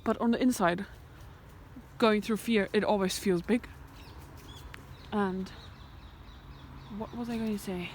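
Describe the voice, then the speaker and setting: A woman's voice: medium pitch, fairly even intonation, slow, pauses often, a little mellow, a little hiss or hum. A woman talking to her camera on a countryside hike, thinking aloud in a rambling way and often dropping to a whisper. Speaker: vlogger. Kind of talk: reflective walking vlog. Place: outdoors in the countryside by a fence. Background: birds and sheep in the open air.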